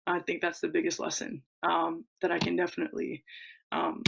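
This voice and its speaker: Relaxed young woman, low-voiced softball guest. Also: a little fast, creaky, slightly rough, poor audio. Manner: relaxed, many fillers, laughs easily. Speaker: former college softball player, guest. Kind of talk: casual interview.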